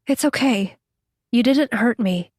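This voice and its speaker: A woman's voice: on the high side, measured pace, darkish tone, dry recording, studio quality. A woman narrator voicing a frightened, hurt teenage girl who is crying, speaking in broken, breathless pleas. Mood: tearful.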